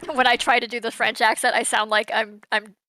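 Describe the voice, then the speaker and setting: Bright, dry-sounding woman comic artist. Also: a little high, level tone, a little fast, no room sound. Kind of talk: casual livestream chat.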